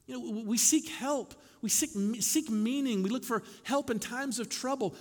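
A man preaching a sermon to his congregation as pastor, animated, with wry asides. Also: extremely high pitch, moderate pace. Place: church sanctuary. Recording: long hall reverb.

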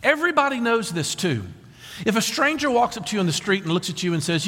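A man's voice: fairly high pitch, animated, quick pace, a bit bright. A man preaching a sermon as pastor, dramatic and full of rhetorical questions. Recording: long reverb of a large hall.

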